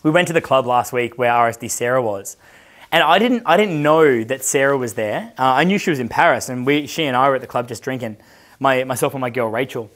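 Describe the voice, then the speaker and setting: A man in his thirties talks to a live audience as a dating coach, loose and brash, his speech full of swearing and anecdotes. His pitch sits in an ordinary middle range for a man. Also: a little fast, fairly bright tone. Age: 30s. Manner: brash, profane, storytelling. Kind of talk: casual seminar talk with audience questions.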